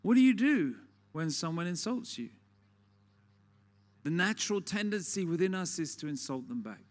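A man's voice: on the high side, expressive, moderate pace. A man preaching a sermon in a conversational, storytelling way, often asking the listeners questions.

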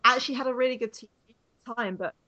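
A woman's voice: on the high side, quick pace, bright, forceful tone, muffled recording. A woman chatting casually about a race, rambling with lots of restarts and fillers. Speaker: cycling reporter. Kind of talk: casual chat.

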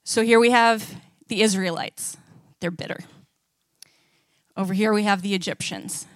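A woman's voice: mid-range voice, unhurried, no room sound. A woman preaching a sermon in a conversational way, often asking the audience questions.

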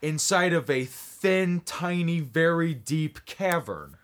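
A man's voice: on the high side, animated, takes it slowly. A man co-hosting a casual comedy chat, acting out characters with silly voices and swearing a lot. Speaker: co-host pitching a movie idea.

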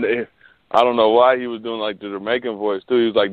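A man co-hosting a podcast chats casually about battle rap, using slang, laughing often, and repeating words as he goes. He talks a little fast at medium pitch over a tinny, phone-like line with faint hiss.

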